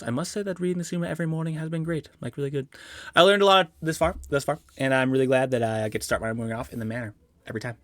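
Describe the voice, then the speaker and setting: Bright, quick young man, dry close mic. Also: medium pitch, dry recording. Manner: deliberately slow, exaggerated narrator-like enunciation. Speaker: vlogger. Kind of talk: personal update vlog.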